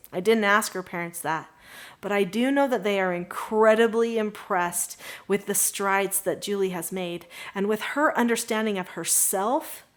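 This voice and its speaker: A middle-aged woman teaches parents how to handle tantrums. Her delivery is earnest and reassuring, and she often lowers into a gentle, soothing voice to model calm. It sounds like a direct-to-camera parenting lesson. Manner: warm, earnest and reassuring, sometimes drops to a soft calm voice. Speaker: parenting educator.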